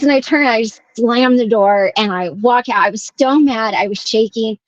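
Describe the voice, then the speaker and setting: A woman co-hosting a casual chat show, telling a story with animation and acting out quotes in a higher voice. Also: normal speed, hardly any pauses, no room sound, dull audio. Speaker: co-host.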